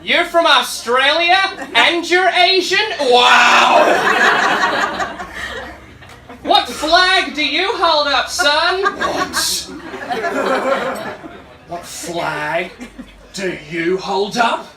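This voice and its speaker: A comedian voicing a nosy woman, high and drawn out with exaggerated wonder. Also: expressive, very slow, long pauses, heavy background noise, exaggerated voice. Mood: amazed. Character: gushing American woman, nosy and amazed. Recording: echoey club from far off.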